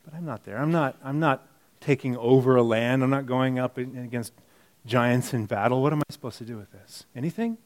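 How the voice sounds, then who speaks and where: A man's voice: mid-range voice, brisk. Conversational preaching man, wide swings. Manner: conversational preaching, swings from quiet asides to emphatic bursts; self-correcting, repeats words. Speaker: pastor. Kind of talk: sermon.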